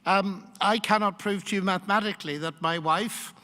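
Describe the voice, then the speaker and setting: Older man, lecturer, high voice, emphatic rhetorical questions, hall reverb. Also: fairly even intonation, moderate pace, bright, forceful tone. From United Kingdom. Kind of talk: public lecture.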